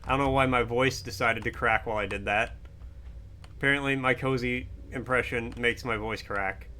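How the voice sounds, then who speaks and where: A young man streaming a game, chatting playfully and breaking into mock-heroic shouts. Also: medium pitch, steady tone, moderate pace. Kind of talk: casual gameplay commentary.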